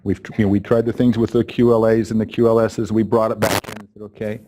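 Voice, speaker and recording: With a fairly low, warm voice, a level tone, and a quick pace, a middle-aged man kicks off a training event by telling a story to the audience present. His keynote is chatty and conversational, sprinkled with fillers and self-corrections.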